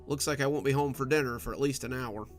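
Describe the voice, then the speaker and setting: A man voicing an anxious young husband on the phone in a read-aloud story, asking halting questions. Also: mid-range voice, faint music behind, close to an everyday voice. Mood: casual. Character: worried young husband stuck in traffic.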